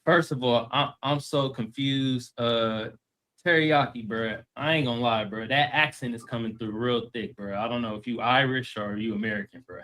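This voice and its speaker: Bright, slangy man saying "bro" a lot. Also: medium pitch, normal speed. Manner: slangy, blunt, repeats "bro". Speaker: debate panelist. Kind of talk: casual heated stream talk.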